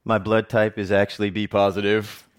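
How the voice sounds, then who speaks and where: A man's voice: fairly low pitch, flat delivery, moderate pace, noisy background. A middle-aged man giving a personal storytelling speech, humorous and self-mocking. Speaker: TV reporter giving a talk.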